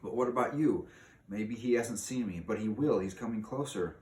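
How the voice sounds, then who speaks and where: A man's voice: fairly low pitch, normal speed, darkish tone, natural voice. Man reading as a nervous young crow. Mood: anxious. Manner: anxious, talkative. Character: young frightened male crow. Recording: echoey room, distant mic, faint noise.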